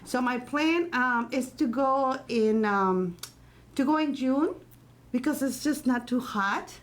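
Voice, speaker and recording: A woman from Mexico with a Mexican Spanish accent, talking casually as a guest, with many pauses, fillers and restarts. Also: high voice. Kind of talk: casual chat.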